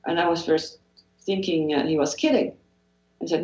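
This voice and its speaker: A Swiss-accented woman with a fairly low voice speaks as a guest in an interview, earnest and encouraging. She often restarts her sentences and repeats phrases. The recording is dull and lo-fi with a roomy echo. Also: fairly even intonation, normal speed, a little mellow. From Switzerland. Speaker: guest, hypnotherapist. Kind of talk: motivational interview talk.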